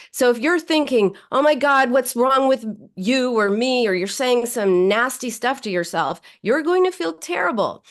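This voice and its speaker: On a podcast where she's the guest, a psychoanalyst with a medium-pitched voice walks through her ideas, voicing examples of self-talk dramatically along the way.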